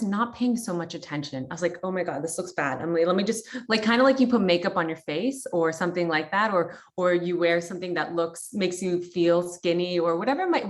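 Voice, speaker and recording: A woman in her thirties from Canada, sharing a personal story in a candid, chatty way full of fillers and quoted thoughts. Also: fairly low pitch. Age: 30s. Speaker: guest.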